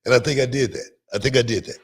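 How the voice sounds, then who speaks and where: A middle-aged man, a former wrestler co-hosting a podcast, talking casually in a halting way with many "you know"s. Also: medium pitch, husky. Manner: relaxed, halting, heavy use of "you know". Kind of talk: casual chat.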